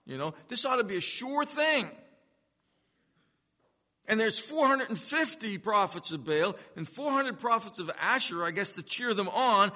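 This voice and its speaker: A male pastor delivers a sermon in a bright, forceful voice pitched slightly high for a man. He makes dramatic swings between ringing emphasis and hushed, slowed phrases, and a long reverb suggests a big hall.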